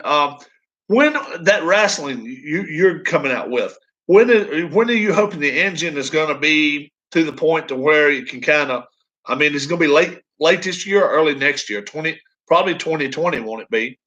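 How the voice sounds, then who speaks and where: A man's voice: on the high side, bright, forceful tone, highs cut off. A man hosting a casual live stream, chatting with viewers and laughing often.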